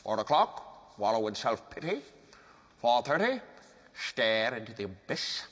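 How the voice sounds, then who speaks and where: A man's voice: medium pitch, sing-song, measured pace, a bit bright, in a large hall. An actor playing a grumpy, reclusive male creature who sarcastically lists his gloomy schedule, heard far off as a film clip. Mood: sardonic.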